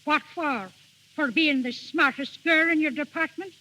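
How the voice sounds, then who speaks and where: A stern mother in a 1930s radio drama, sharp-tongued and sure she knows best. Her voice is high and tense. The old broadcast rings with a long reverb. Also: unhurried. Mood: scolding. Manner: sharp, scolding. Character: stern bossy mother, scolding.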